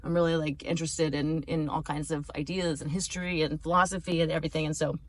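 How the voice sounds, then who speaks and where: A woman's voice: sits low, little pitch movement, fast. A woman comedian talking casually to camera in a rambling, chatty way, laughing and swearing freely. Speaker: stand-up comedian.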